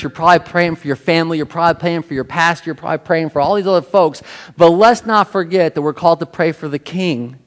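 A man preaching a sermon as pastor, talking in a conversational, self-deprecating way with many rhetorical questions. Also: fairly high pitch.

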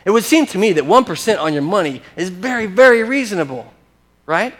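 A man preaching a sermon and teaching from scripture, animated and emphatic, often restarting phrases and chuckling. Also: high-pitched, a little fast. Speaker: pastor.

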